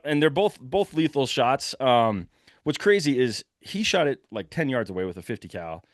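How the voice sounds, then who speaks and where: A young man telling a hunting story in a lively, casual way, acting out the shouts of the people in it. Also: mid-range voice, brisk, no room sound, clean studio sound. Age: young adult. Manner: animated, breathless retelling with quoted shouts.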